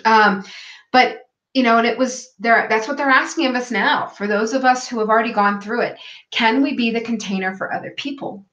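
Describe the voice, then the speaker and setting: A woman guest in a casual interview, telling a personal story in an animated way and acting out what others said. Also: on the high side, brisk. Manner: animated storytelling, acts out quoted voices. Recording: echoey, dull lo-fi call audio.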